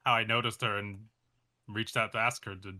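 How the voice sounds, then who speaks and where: A man talking casually about his animation projects in an interview, hesitant with many fillers and soft laughs. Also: on the low side, little pitch movement, normal speed. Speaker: animation creator, interview guest.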